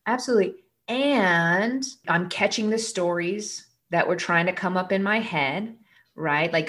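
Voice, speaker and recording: A woman speaking as a guest in a casual conversational interview, earnest and emphatic, growing animated as she makes her points. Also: lowish voice, moderate pace.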